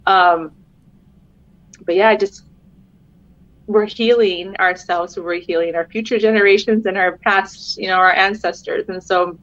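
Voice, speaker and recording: A woman's voice: medium pitch, fairly even intonation, a little slow, pauses often, fairly bright tone, no room sound, dull audio. A middle-aged woman, a podcast guest, talking earnestly and encouragingly in casual conversation, laughing often.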